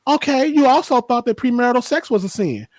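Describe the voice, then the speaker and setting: A man's voice: extremely high pitch, lively intonation, fairly quick, darkish tone, no echo, clean studio sound. A man hosting a podcast, talking in an impassioned, emphatic way in casual discussion. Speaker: podcast host.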